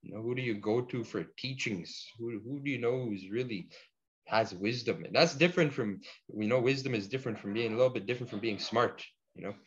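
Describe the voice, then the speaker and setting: A man leads a casual language class, drawing words out slowly for students to copy. His pitch sits in a middle range. The recording is a bit muffled and lo-fi. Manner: slow deliberate pronunciation drills, casual fillers. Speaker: Cree language teacher. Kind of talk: relaxed language lesson. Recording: dull lo-fi sound.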